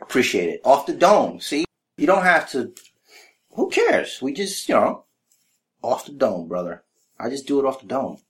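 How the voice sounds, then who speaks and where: Lively playful man cohosting a podcast. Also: medium pitch. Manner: playful, teasing, quick to laugh. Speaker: podcast co-host. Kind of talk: casual podcast chat.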